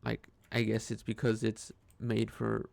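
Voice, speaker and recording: A man's voice: fairly low pitch, completely flat delivery, measured pace, gravelly, darkish tone, no echo. A man talking through a casual personal monologue, hesitant and rambling, with frequent restarts and swearing. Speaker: vlogger.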